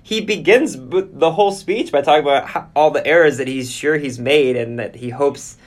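A man hosting a podcast, asking loose, rambling questions in a relaxed, casual way. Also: fairly high pitch, normal speed. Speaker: podcast host. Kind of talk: casual interview chat.

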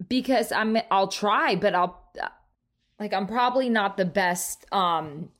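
A woman in her thirties hosts a solo podcast with a medium-pitched voice. She talks in an easy, chatty way, plays up her own drama and laughs at herself. She swears freely as she goes. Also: slow pace. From New Jersey. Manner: animated, self-mocking, dramatic, swears freely. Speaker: podcast host. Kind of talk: casual solo podcast chat.

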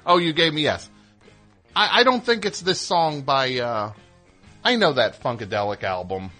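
A man's voice: medium pitch, lively intonation, moderate pace, bright, forceful tone. A man hosting a radio show, rambling and joking in a digressive way as he chats and plugs music. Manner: digressive, chatty, plugs music between jokes. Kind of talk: rambling comedic radio talk.

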